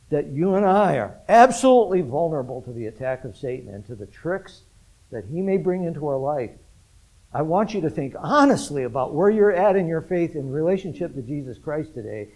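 Chatty pastor man, slightly high voice. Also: a little mellow, poor audio. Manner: conversational, asks the congregation questions, chuckles often. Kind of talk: interactive sermon.

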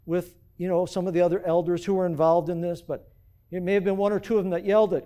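A man preaches a sermon in a fairly high, mellow voice. He is earnest and keeps turning to the congregation with rhetorical questions. He speaks as the pastor of the church. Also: fairly even intonation, quick pace.

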